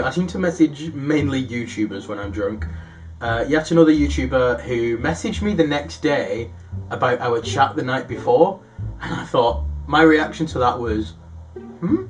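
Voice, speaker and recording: Self-deprecating young man vlogging. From United Kingdom. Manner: self-deprecating, animated, reads out his own messages with rising pitch. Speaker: YouTuber. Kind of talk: casual vlog storytelling.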